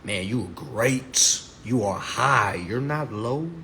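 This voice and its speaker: A man's voice: takes it slowly, a little hiss or hum. A man giving a casual live-stream monologue, brash, profane and mocking as he promotes his class. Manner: lively pitch swings.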